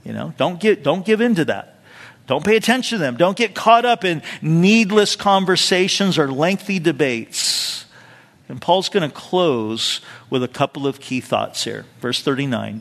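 A man's voice: fairly high pitch, lively intonation, moderate pace, vocal fry, fairly bright tone. A male pastor preaching a verse-by-verse sermon in a conversational way, with asides and questions to the congregation. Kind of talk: expository sermon. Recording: long hall reverb.

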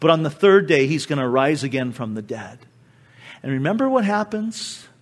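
Male pastor, high-pitched, dramatic sermon delivery with sharp dynamic shifts. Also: very animated, normal speed. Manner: dramatic, acting out quoted speech with sudden drops and swells.

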